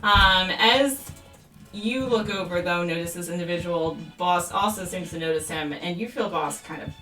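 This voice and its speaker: A woman's voice: on the low side, moderate pace, sharp tone. Woman game master, rambling, filler-heavy narration, roomy echo, mic set back. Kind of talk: live-streamed tabletop game narration. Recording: roomy echo, mic at a distance, music behind.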